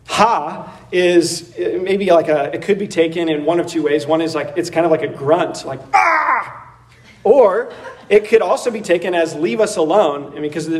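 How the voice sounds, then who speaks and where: A man preaching a sermon in a conversational, animated way, laughing and acting out voices as he goes. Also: a little high, recorded from a distance. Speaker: pastor. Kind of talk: expository sermon.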